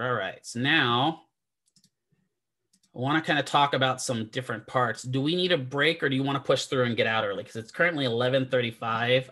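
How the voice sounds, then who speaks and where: A man's voice: medium pitch, sharp tone. A man teaching a classroom lecture in a chatty, digressive way, often asking the students questions. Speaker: physical therapy instructor.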